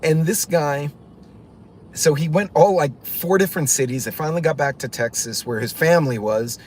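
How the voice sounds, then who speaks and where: A man's voice: a little high, normal speed, a little hiss or hum. A man hosting his own channel, telling a story in a casual, rambling way with many fillers and restarts, acting out other people's voices. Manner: acts out other people's voices while retelling. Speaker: channel host.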